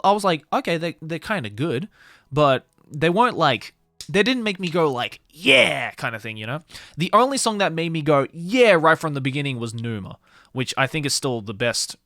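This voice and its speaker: A man's voice: mid-range voice, fairly bright tone, no echo. A young man streaming casually, rambling about music with lots of fillers and casual swearing. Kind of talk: casual livestream chat.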